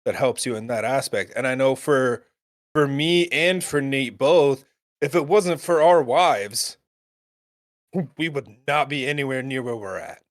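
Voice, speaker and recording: A podcast co-host speaks earnestly about faith and supporting others, in a middle-pitched voice. His manner is sincere and slightly preachy. The recording is dry and close. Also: a little slow, no room sound. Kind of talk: casual chat.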